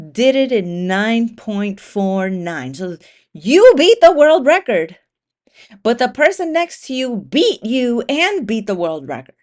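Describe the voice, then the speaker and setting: A woman with a slightly high voice hosts a solo motivational podcast. She talks casually and swears freely. She acts out the inner voices of imagined runners. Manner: animated, profane, acts out imagined racers' thoughts. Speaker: podcast host.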